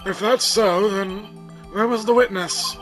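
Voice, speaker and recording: A man's voice: high voice, fairly even intonation, measured pace. A man voicing a stern elderly male judge who barks orders over game music. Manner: loud, gavel-banging commands.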